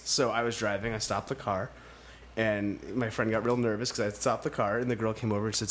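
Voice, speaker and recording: A man's voice: lowish voice, steady tone, normal speed, slight background noise. A man co-hosting a comedy podcast, telling crude stories from his small-town youth and laughing through them, with plenty of swearing. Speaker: podcast co-host. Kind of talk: casual comedic chat.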